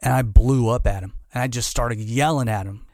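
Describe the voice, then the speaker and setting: A man's voice: mid-range voice, darkish tone, no echo, clean studio sound. A middle-aged man telling a hard personal story as an interview guest, candid and emotional, stumbling and repeating his words. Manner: halting, restarts, repeats words; candid and emotional, says dude. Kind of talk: casual conversation, personal story.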